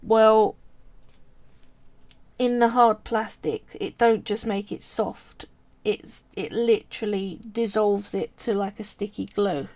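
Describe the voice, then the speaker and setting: A woman's voice: medium pitch, fairly even intonation, takes it slowly, darkish tone. A woman with a Cockney accent from East London, chatting casually during a live stream as she sculpts and wanders off on tangents while answering viewers. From England. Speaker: polymer clay artist streaming live.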